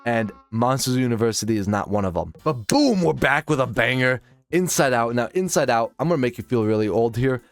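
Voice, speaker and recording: A man's voice: mid-range voice, animated, fairly quick, no echo. A man of twenty from Minnesota, ranking films in a blunt, profane, opinionated monologue. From Minnesota, United States. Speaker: film reviewer.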